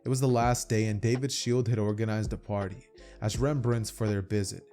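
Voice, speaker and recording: Guy narrating an anime fan story, low mellow voice, faint music under it. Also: fairly even intonation, brisk. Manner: plain, run-on storytelling. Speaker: YouTube storyteller.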